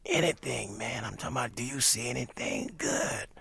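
A man putting on the raspy, hushed whisper of a gruff, terse older jazz star. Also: mid-range voice, normal speed, no room sound, heavily acted. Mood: cool, curt. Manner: curt, cool, clipped.

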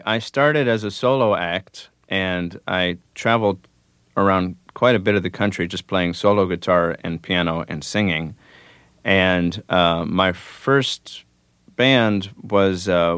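A man's voice: low voice, fairly bright tone, clear, resonant tone, dry recording. A man, a musician guest on a radio interview, answering thoughtfully and without hurry, with many fillers. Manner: thoughtful, unhurried, with frequent fillers.

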